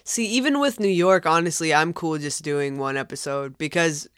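Woman co-host, lowish voice, wry jokes, dry close sound. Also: normal speed, smooth, dry recording. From Massachusetts. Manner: wry, joking, trails off softly. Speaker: podcast co-host. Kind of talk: casual chat.

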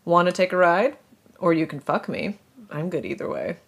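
A woman's voice: on the low side, normal speed. A woman voicing a bold, cocky young man who talks in a brash, crude way.

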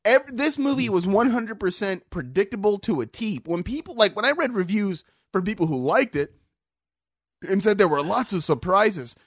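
A man's voice: high-pitched, lively intonation, moderate pace, no echo. A man co-hosting a podcast in casual chat, ranting heatedly and swearing a lot into a studio microphone. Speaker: podcast co-host.

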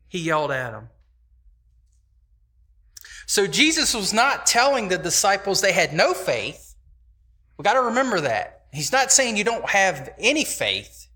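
A male preacher delivers a sermon in a high, bright voice. He speaks slowly and conversationally, pressing his points home and repeating phrases for emphasis.

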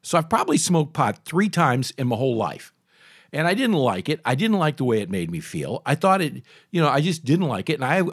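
A man in his sixties hosting a talk show, telling a story in a chatty, animated way full of restarts and asides. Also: fairly high pitch, slightly rough, no room sound, studio quality. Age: 60s. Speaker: radio talk show host. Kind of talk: casual storytelling monologue.

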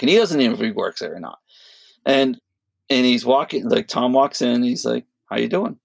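Gravelly rambling male storyteller. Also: medium pitch, a little fast, no room sound. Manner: rambling, animated retelling with filler words and quoted voices. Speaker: podcast co-host. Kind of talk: casual storytelling chat.

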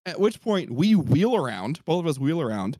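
A man telling a story in casual podcast chat, animated and profane, acting out what people said. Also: a little high, normal speed, no echo, studio quality. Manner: animated, profane, acts out quotes.

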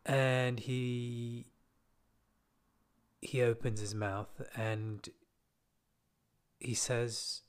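A man recounts a memory in a relaxed, conversational monologue. His pitch sits in an ordinary middle range, and he drops in wry, self-deprecating asides as he talks. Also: drawn-out words, pauses often, clear, resonant tone. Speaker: podcaster telling a personal story. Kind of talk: casual storytelling monologue.

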